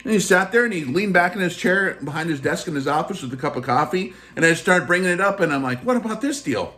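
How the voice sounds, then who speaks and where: A man's voice: on the high side, fast talker, bright, forceful tone. A man hosting a casual vlog, telling a personal story in a chatty way full of fillers. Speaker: channel host.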